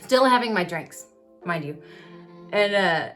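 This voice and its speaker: A woman's voice: mid-range voice, expressive, a little slow, a bit bright, soft background music. A woman in her thirties vlogging candidly about her epilepsy, talking openly and conversationally to her viewers. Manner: open, confessional, conversational with fillers. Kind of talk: candid personal storytelling to camera.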